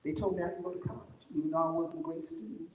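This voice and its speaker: A fairly high-voiced man gives a folksy motivational talk to a live crowd. His voice rings through a large hall with a long, roomy reverb. He tells his story as if chatting with the room. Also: steady tone, quick pace, a little mellow, slight background noise. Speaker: conference speaker.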